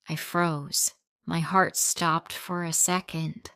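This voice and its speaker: A woman narrating a simple audiobook story for English learners in short, steady, plain sentences. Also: on the low side, slow pace, smooth, no room sound, studio quality.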